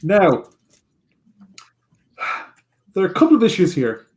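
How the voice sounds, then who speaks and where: A man acting as game master in a casual tabletop game over a video call, giving quick rulings with frequent fillers. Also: high-pitched, wildly swooping pitch, a little mellow.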